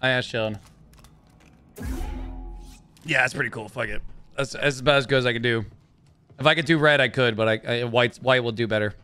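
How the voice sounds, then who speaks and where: A man's voice: mid-range voice, brisk, long pauses, sharp tone, clear, resonant tone, faint music behind. A young adult man playing a video game and commenting with frustrated, swearing outbursts. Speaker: gaming YouTuber. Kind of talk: let's play commentary.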